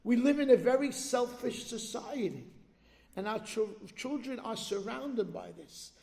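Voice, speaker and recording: A man giving a sermon at an organization's event, telling a religious story with animated delivery and checking in with the audience. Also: very high-pitched, unhurried, vocal fry. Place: large hall at an event. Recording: long reverb of a large hall.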